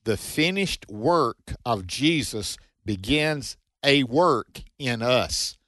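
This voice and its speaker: A man's voice: medium pitch, lively intonation, very slow, bright, forceful tone, no echo. A man co-hosting a Bible teaching radio show, reading scripture aloud and commenting in an earnest, preacherly way.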